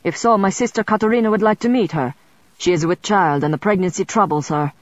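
A woman's voice: mid-range voice, fast talker, dry recording, dull audio, natural voice. A woman doing a frosty, disdainful courtier. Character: haughty, touchy male court official.

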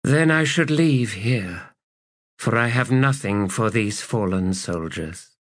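A man voicing a grieving woman of an ancient non-human race, speaking formally and softly in an audiobook. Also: fairly low pitch, lively intonation, slow pace, no room sound, clean studio sound. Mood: solemn. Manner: formal, hesitant and soft.

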